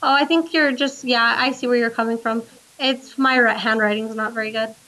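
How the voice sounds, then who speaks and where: A high-pitched woman teaches a classroom math lesson, quizzing her students and guiding them through each step. Her voice is picked up from a distance in the classroom. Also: fairly even intonation, moderate pace, pushed and bright, echoey room. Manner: questioning, coaxing students step by step. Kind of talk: classroom lecture.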